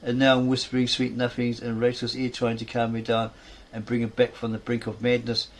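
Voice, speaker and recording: A man voicing a calm, soothing young actress. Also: medium pitch, close to an everyday voice. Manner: measured, soothing.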